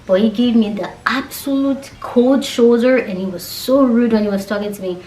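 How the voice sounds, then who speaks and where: A young woman vlogging a casual storytime rant, animated and exasperated, acting out the quoted dialogue. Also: fairly high pitch, moderate pace, recorded from a distance, a little hiss or hum. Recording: roomy echo, voice away from the mic.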